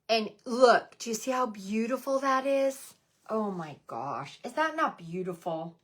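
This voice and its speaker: A woman hosting a casual live craft demonstration, chatting excitedly and calling out viewers by name. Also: medium pitch. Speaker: livestream host selling craft supplies and clothes.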